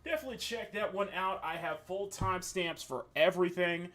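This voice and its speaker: A young man hosts a livestream, rambling casually with lots of fillers and restarts, his high voice fairly quick and a bit bright. Faint menu music plays in the background.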